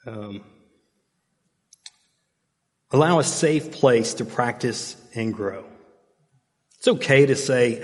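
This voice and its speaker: Conversational pastor in a reverberant hall. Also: male voice, mid-range voice, slow, long pauses. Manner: conversational storytelling with fillers and asides. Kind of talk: sermon.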